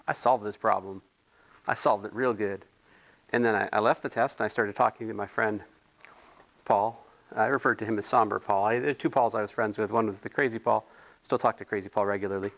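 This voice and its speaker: A man's voice: on the low side, a bit bright. A man tutoring physics homework in a casual, thinking-aloud way, correcting himself and adding chatty asides.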